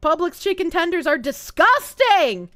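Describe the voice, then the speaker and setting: A young woman streamer from Boston chats and rants at her audience, cursing freely. Her voice sits very high and leaps all over the place with animated energy. The sound is dry and close, like a desk microphone at home. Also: a little slow, no room sound. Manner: animated, profane ranting. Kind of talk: casual live-stream chat.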